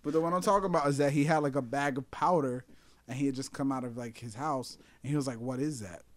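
A man's voice: medium pitch, steady tone, fast, dry recording. A man chatting casually, rambling and laughing often, acting out quotes as he tells a story. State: intoxicated. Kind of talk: casual chat.

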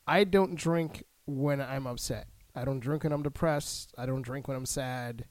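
A man in casual chat, defending himself between loud bursts of laughter. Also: medium pitch, a little slow, no room sound.

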